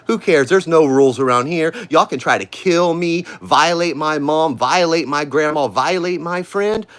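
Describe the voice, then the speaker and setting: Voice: mid-range voice, a bit bright. A livestreamer at home, ranting and mocking in a profane, sing-song way. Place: home, indoors.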